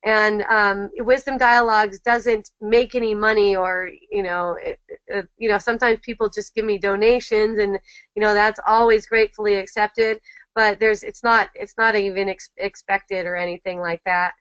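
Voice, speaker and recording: A woman hosting an online spiritual dialogue, talking gently and reflectively, repeating key phrases and restarting sentences often, over slightly muffled lo-fi call audio. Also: mid-range voice, fairly even intonation, normal speed, clean tone, no echo. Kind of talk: reflective spiritual teaching talk.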